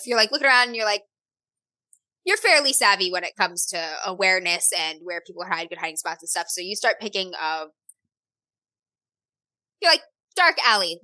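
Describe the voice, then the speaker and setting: A woman's voice: mid-range voice, bright, forceful tone, dry recording, low-quality recording. A woman narrating as game master in a tabletop game, rambling with fillers and self-corrections and laughing at herself.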